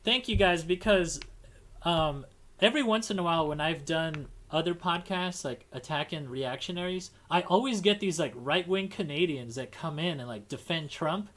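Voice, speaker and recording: Guy hosting a chat stream, kinda high voice, rambles and restarts a lot. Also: animated, moderate pace, fairly bright tone. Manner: rambling, frequent restarts and fillers. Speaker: podcast host. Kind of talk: casual livestream chat.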